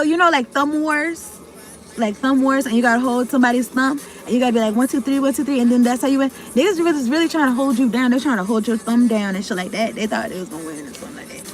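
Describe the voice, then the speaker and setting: A woman giving a casual tarot reading to her viewers, rambling, cutting herself off mid-thought and talking in slang with some swearing. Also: a little high. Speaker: tarot card reader.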